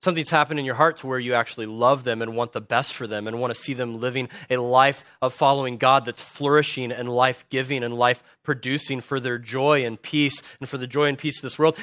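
A man preaching a sermon as a pastor, swinging from hushed earnest lines to loud animated bursts. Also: mid-range voice, no echo, studio quality.

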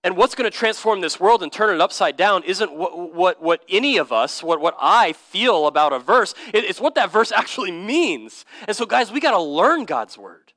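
A man with a high, bright voice preaches a sermon in church. He speaks earnestly and emphatically, drops casual slang and often repeats words as he builds a point. The sound is dry and close. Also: sing-song, normal speed, few pauses, no echo. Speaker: pastor. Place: church service.

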